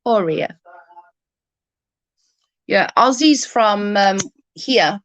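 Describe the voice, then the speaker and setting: A woman's voice: fairly low pitch, fairly even intonation, measured pace, a little hiss or hum, low-quality recording. A middle-aged British woman chatting casually with viewers on a livestream, rambling as she answers comments.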